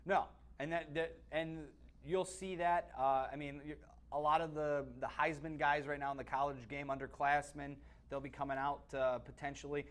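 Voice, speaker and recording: A man's voice: a little high, flat delivery, normal speed. A man co-hosting a sports webcast, giving blunt opinions on football in casual talk that is full of restarts. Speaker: sports analyst co-host.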